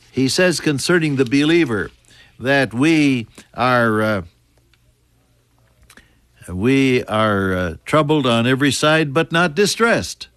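An older man with a medium-pitched voice preaches a sermon, moving between hushed, near-whispered lines and lifted, emphatic ones. The recording is dry.

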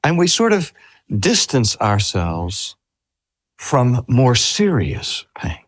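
Older man preaching with lively pitch. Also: slightly rough, no room sound, clean studio sound. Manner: slow, measured delivery with lively rises and falls. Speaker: pastor. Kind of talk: sermon.

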